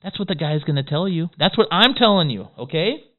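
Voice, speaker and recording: Fast-talking man teaching over tinny audio. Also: fairly high pitch. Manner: fast-talking, excitable, peppers lines with "okay?". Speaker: business course instructor. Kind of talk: motivational course lecture.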